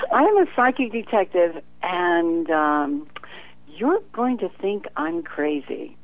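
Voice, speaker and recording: A woman's voice: fairly low pitch, slow, no room sound. A woman, a professional psychic, telling a story in an interview, acting out the dialogue and often laughing. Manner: animated storyteller, acts out quoted dialogue with frequent laughter. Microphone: telephone. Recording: tinny phone line.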